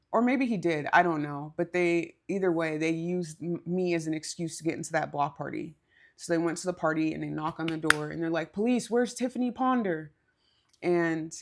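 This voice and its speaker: A woman's voice: low voice, creaky. A woman co-hosting a podcast, telling a story in a candid, casual way, swearing and laughing as she goes. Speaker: podcast co-host.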